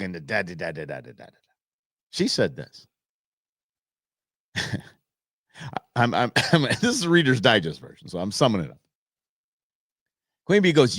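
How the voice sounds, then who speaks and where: A man's voice: lowish voice, a little slow, pauses often, no echo. Rambling storytelling man, dry sound. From Southern California and Arizona. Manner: rambling, animated anecdote with folksy idioms. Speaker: live show host. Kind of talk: casual storytelling on a live stream.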